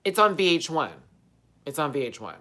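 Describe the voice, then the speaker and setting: A woman runs a casual, chatty livestream, replying to her viewers with a brisk delivery. She swings between excited outbursts and low mutters.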